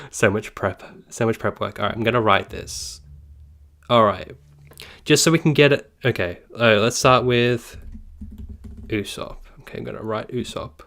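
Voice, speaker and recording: A man's voice: mid-range voice, a little slow, long pauses, fairly bright tone. A man hosting a casual live stream who rambles, apologizes often, jokes and keeps interrupting himself.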